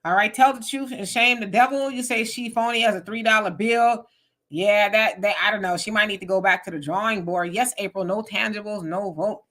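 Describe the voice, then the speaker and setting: A woman hosting a casual live stream, animated as she reads and answers viewer comments. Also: mid-range voice, brisk. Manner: animated, talks back to the comments.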